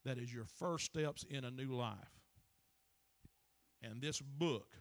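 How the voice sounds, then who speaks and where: A man's voice: mid-range voice, slow, no echo. A man, preaching a folksy sermon that rises into emphatic bursts. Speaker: pastor.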